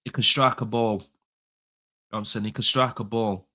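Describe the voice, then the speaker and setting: A man's voice: lowish voice, fairly even intonation, fairly quick, bright, forceful tone. A young man, talking football as a pundit in a heated casual chat. He is passionate and blunt, swears freely and repeats his points for emphasis.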